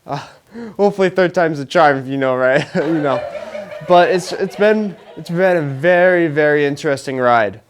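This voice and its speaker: A man's voice: on the high side, normal speed. A young man in college, hosting a live show with a rambling, jokey monologue, laughing through his lines. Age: young adult. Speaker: host. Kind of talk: stand-up style monologue to a live audience. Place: live show before an audience.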